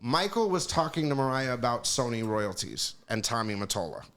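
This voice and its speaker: Here a man who works as a music executive tells loose, foul-mouthed stories in a podcast interview, frequently tossing in "you know what I mean". He speaks a little fast, with a sing-song, fairly bright mid-range voice.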